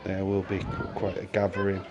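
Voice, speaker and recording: A man's voice: low voice, monotone, a little fast, highs cut off, crowd noise. A man casually narrating a walking tour, rambling with fillers and restarts, chuckling often, recorded on a handheld camera mic. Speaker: vlogger touring a film studio. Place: outdoor and indoor studio tour sets.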